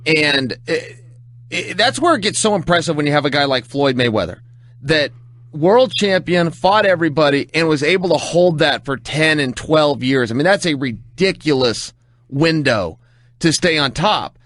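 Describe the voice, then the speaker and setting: A man's voice: on the high side, animated, moderate pace, a bit bright, no room sound. A man co-hosting a podcast, talking in an earnest, explanatory way with rising emphasis. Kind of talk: casual podcast chat.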